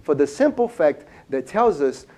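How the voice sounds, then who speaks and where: A man's voice: on the high side, big pitch swings, moderate pace, a little mellow. A man giving a seminar lecture, telling a story with lots of rhetorical questions. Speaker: seminar speaker.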